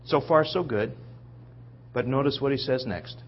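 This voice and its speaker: A man's voice: medium pitch, moderate pace, pauses often, lo-fi sound, a little hiss or hum. A man preacher delivering a sermon, telling the story vividly and checking in with listeners. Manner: animated storytelling, acts out quotes, checks in with listeners.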